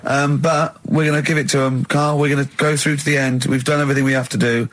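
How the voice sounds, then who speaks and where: A man's voice: medium pitch, level tone, fast, hardly any pauses. A male radio host in a studio, chatting casually and breaking in with mocking, exasperated jokes. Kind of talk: casual radio chat, comic teasing. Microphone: studio microphone.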